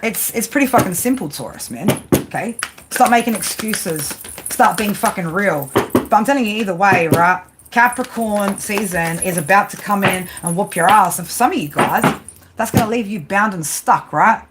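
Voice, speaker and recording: A woman's voice: mid-range voice, lively intonation, moderate pace. A woman doing a tarot reading who scolds her listeners bluntly, swears constantly and keeps tagging her sentences with "right?". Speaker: tarot reader. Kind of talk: profane tarot reading monologue. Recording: home recording with clear background noise.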